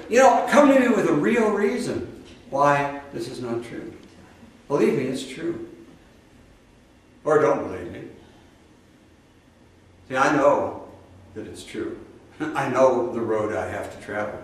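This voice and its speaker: A man's voice: medium pitch, animated, a little slow, long pauses. An older man giving a folksy, conversational sermon as a spiritual teacher, full of asides and rhetorical questions. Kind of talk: spoken sermon. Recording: roomy echo, speaker far from the mic.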